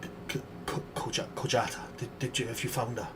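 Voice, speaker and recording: A man's voice: mid-range voice, fairly quick, close to an everyday voice. A man voicing a frightened, half-insane trapped man who whispers shakily and stammers, repeating his words. The recording is noisy. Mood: terrified. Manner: shaky, whispering.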